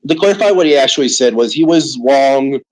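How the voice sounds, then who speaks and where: A man's voice: mid-range voice, lively intonation, fairly quick, darkish tone, low-quality recording. A man hosting a casual online chat, rambling and steering the talk from topic to topic. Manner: rambling, restarts and hedges, leads the talk. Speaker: podcast host.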